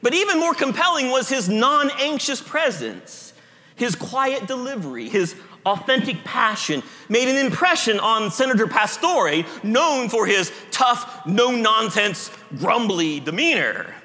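High, animated preacher in echoey hall. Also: male voice. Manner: emphatic, with slow drawn-out pauses and self-deprecating humor. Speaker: pastor. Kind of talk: sermon.

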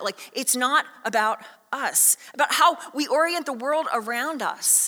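A woman pastor preaching a sermon in a conversational, lively storytelling way with many asides. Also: sits high, in a large hall.

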